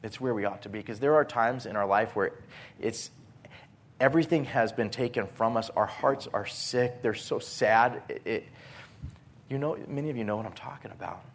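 A man preaching a sermon, earnest, swinging between forceful emphasis and hushed softness, often repeating words as he restarts phrases. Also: mid-range voice, moderate pace, gravelly. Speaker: pastor.

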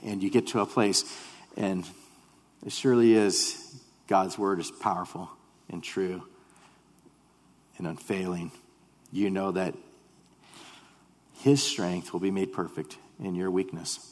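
A man preaching a sermon in an earnest way, repeating himself and dropping to a hush when he voices quoted prayers. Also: low-pitched, fairly even intonation, moderate pace, pauses often. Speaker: pastor. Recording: long hall reverb.

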